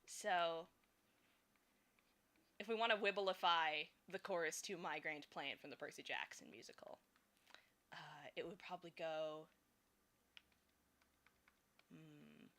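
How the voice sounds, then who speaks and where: A young woman with a low, slightly bright voice talks slowly and pauses often. She streams as a fan artist, chatting casually and musing aloud while she draws, often giggling among her fillers.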